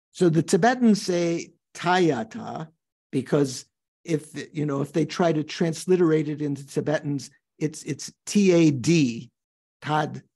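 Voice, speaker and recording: Husky, mellow-voiced older male teacher. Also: fairly high pitch. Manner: thoughtful, halting, with restarts and questions to students. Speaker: Buddhist teacher. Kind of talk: teaching a recorded class, reading and explaining a text.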